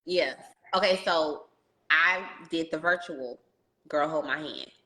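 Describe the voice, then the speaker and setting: A woman hosting a casual podcast interview, telling stories in an animated, slangy way and talking to listeners as "y'all". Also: sits low, slow pace, echoey room. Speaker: podcast host.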